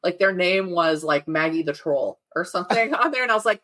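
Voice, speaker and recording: A woman's voice: on the low side, animated, brisk, few pauses, fairly bright tone. A woman hosting a true-crime podcast, chatting and telling a case with laughing asides. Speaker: podcast host. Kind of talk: casual chat and true-crime storytelling.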